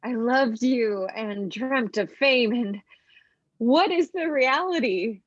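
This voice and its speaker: A woman playing a fragile, yearning young actress in a live streamed stage reading, speaking in a wistful, halting way. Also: a little high, lively intonation, no room sound. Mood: rueful. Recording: muffled dry home stream audio.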